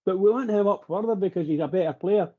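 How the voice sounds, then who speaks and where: A man's voice: high-pitched, fast talker, phone-quality sound. A man talking passionately on a live radio phone-in, rambling and repeating himself as he gets worked up. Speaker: phone-in pundit.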